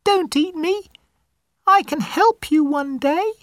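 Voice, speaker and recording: A narrator voicing a tiny, timid mouse in a very high, squeaky voice for a storybook reading. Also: takes it slowly, a bit bright, dry recording, studio quality. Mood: pleading. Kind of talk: storybook character voice in a graded reader.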